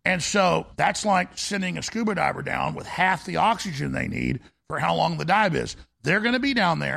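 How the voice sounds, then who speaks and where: A male talk show host delivering an intense, forceful ranting monologue. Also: sits high, gravelly.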